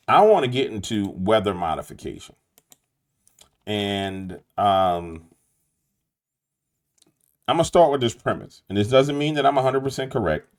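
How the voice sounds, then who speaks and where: A man with a New Orleans accent, hosting a late-night commentary monologue in an emphatic, preachy way, talking straight to his viewers. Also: fairly low pitch. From Louisiana. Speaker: YouTube host.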